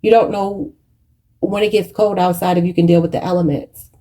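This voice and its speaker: Emotional tarot reader, choked up. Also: female voice, fairly low pitch, fairly even intonation, normal speed, warm tone. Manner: emotional, preachy, addresses viewers as y'all. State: choked up, near tears. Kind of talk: channeled tarot reading.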